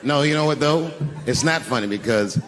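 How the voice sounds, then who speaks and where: A man doing stand-up storytelling on stage, animated and profane, swinging from loud outbursts to hushed asides. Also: medium pitch, normal speed, in a large hall. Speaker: stand-up comedian. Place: comedy stage before a live audience. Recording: noisy live venue recording.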